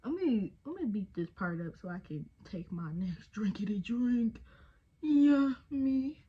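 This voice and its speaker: Young woman, slangy and chatty, husky tone, dull lo-fi sound. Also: fairly high pitch, expressive, a little slow. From Texas. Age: 20s. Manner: chatty, slangy, jokey, with trailing fillers. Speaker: beauty vlogger. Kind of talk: casual chat while doing makeup. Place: home, indoors.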